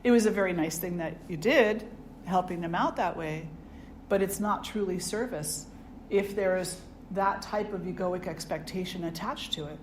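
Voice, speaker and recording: A woman's voice: fairly low pitch, moderate pace, slight background noise. A woman, a spiritual teacher, giving a reflective, conversational satsang talk and asking her audience questions. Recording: roomy hall with faint ambience.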